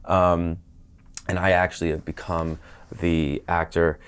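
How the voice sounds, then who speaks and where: A man's voice: deep voice, a little slow, smooth. A man in his thirties, an actor, chatting casually in a podcast interview and acting out the voices of people he talks about. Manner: animated storytelling, mimics other people's voices. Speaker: actor guest.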